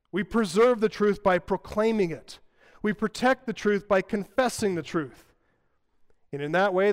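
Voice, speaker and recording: High, smooth-voiced male preacher. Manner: emphatic, rhythmic preaching with repeated phrases. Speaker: pastor. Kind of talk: sermon. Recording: long hall reverb.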